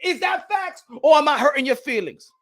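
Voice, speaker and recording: A man hosting a casual boxing commentary vlog, ranting loudly and profanely, repeating phrases and laughing at his own points. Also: very high-pitched, expressive, moderate pace. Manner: loud, profane, heated ranting with bursts of shouting. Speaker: boxing channel host.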